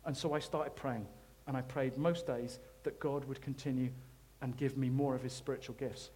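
A man preaching a sermon, telling his own faith story in an animated, self-deprecating way. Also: mid-range voice, moderate pace, a little hiss or hum. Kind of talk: sermon testimony.

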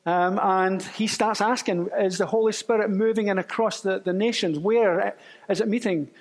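A man's voice: sits high, fairly even intonation, normal speed. A man telling a testimony as a sermon, storytelling and acting out the voices of others. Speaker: preacher. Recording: long reverb of a church hall.

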